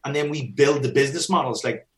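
A man's voice: medium pitch, fast, a bit bright. A man with a mid-range voice talks as a business coach for personal trainers, blunt and given to swearing. He acts out snatches of dialogue as he goes, in a casual, straight-talking chat.

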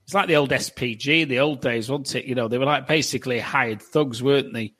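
A man joins a casual podcast discussion. He speaks haltingly, repeats words as he goes, and keeps checking that the others agree. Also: medium pitch, a bit bright, breathy edge. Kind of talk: casual chat.

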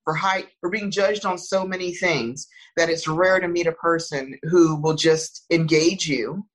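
Calm low-voiced woman, soothing. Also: measured pace, low-quality recording. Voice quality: soft, soothing voice. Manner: thoughtful, calm, frequent restarts and laughs. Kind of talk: casual conversational chat.

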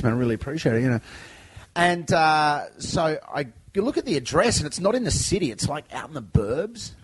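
Husky man telling a story. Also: medium pitch, low-quality recording. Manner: chatty anecdote-teller, laughs often. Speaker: comedian podcast host. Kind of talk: casual storytelling.

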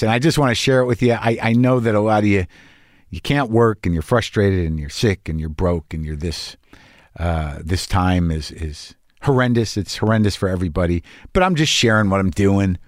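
A middle-aged actor talking in a rambling, earnest way in a casual personal vlog, swearing now and then. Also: male voice, on the low side, normal speed, no room sound, studio quality.

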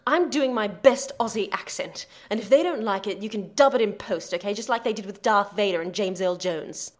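A woman's voice: mid-range voice, moderate pace, close to an everyday voice. A woman playing a cheerful, eager actress who turns a little defensive. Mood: cheery.

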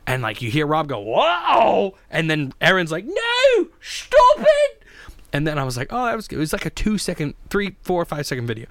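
A man's voice: medium pitch, a bit bright, dry recording. Rambling, joking man hosting a podcast. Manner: rambling, joking, with many restarts. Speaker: podcast host. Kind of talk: casual solo podcast monologue.

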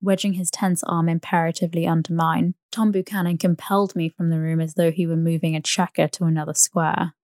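A woman narrating a bedtime sleep story in a soft, even, unhurried reading. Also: fairly low pitch, no echo, clean studio sound.

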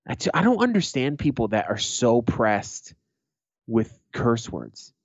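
A man's voice: medium pitch, big pitch swings, unhurried, no echo. A middle-aged man hosting a podcast, chatting casually as a blunt, profane, joking storyteller. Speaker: podcast host. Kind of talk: casual chat. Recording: dry, dull lo-fi recording.

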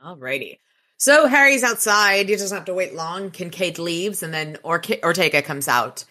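A woman's voice: on the low side, lively intonation, moderate pace, bright, forceful tone. A woman co-hosting a casual book podcast, recapping chapters, reading quotes aloud and giggling often.

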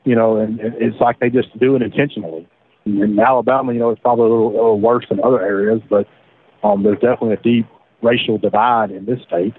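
A man, recounting his past in a halting way with repeated words, over the phone. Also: fairly low pitch, fairly even intonation, husky, no room sound. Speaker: interviewee, former defendant. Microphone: phone line. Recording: tinny phone line.

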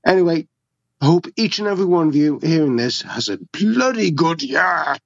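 A man leaves a cheeky, offhand voicemail with a gravelly voice. His pitch rises and falls a lot. The line sounds dull and dry. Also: animated, moderate pace, no echo. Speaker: voicemail caller. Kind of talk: casual voicemail greeting.

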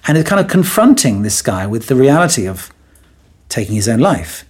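A man talking in a relaxed interview, telling stories and teasing as he acts out quotes. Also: medium pitch, normal speed, breathy edge. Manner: playful, teasing storyteller who acts out quotes. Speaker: guest. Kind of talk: conversational podcast interview.

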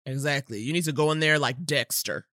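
A woman co-hosting a podcast, chatting casually about a film, animated, laughing often and acting out characters' lines. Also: low voice, a little fast, dry recording, clean studio sound. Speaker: podcast co-host. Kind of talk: casual chat recapping a film.

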